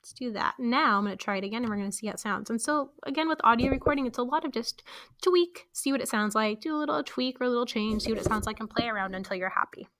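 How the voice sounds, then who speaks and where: A woman's voice: fairly high pitch, fast, a bit bright, no room sound, clean studio sound. A woman explaining podcast editing in a casual screen-recorded tutorial, walking through each step with friendly fillers. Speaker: teacher showing podcast editing.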